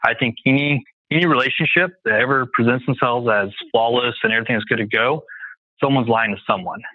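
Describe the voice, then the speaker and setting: A man's voice: medium pitch, a little fast, dry recording. A man as a guest in a casual interview, talking confidently and emphatically, often making his points as lists. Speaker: guest real estate investor. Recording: dry tinny phone-like line.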